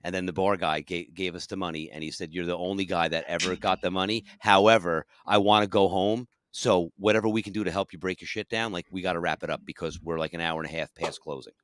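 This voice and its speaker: Low-voiced guy telling a gig story on a podcast, dry close sound, acts out the other people. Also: steady tone, quick pace, hardly any pauses, a bit bright, no room sound. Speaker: podcast co-host. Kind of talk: casual storytelling chat.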